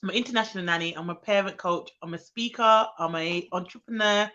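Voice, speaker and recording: A woman hosts a casual live stream as a childcare expert. She chats and greets viewers by name, with plenty of ums along the way. Her voice sits at a middling pitch, and the stream audio is a little dull. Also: fairly quick, sharp tone. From Birmingham, England.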